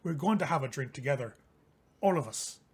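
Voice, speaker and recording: A man voicing a boisterous, swaggering male knight-for-hire with loud, brash tavern banter. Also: mid-range voice, lively intonation, fairly quick, slightly rough. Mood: indignant.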